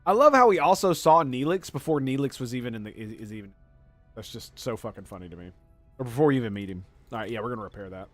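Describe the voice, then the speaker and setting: A man giving let's play commentary as a gaming streamer, excitable and profane, gushing over every detail. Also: mid-range voice, fast talker, no room sound, faint music behind.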